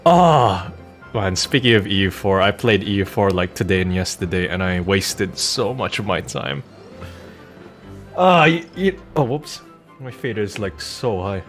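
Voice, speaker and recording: A man's voice: on the low side, lively intonation, unhurried, fairly bright tone, soft background music. A man chatting casually as a game streamer and voice dubber, rambling and filling his talk with "like", with laughing asides. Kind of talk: casual gameplay chat.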